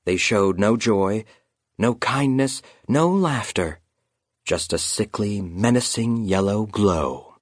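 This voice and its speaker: A man reads a children's fantasy aloud with a lower, somewhat husky voice. His delivery swoops through a wide range of pitch, and he slows down for dramatic moments. The sound is close and dry. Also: expressive, no room sound. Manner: storytelling, dramatic slowdowns. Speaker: audiobook narrator. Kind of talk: scripted narration of a children's fantasy.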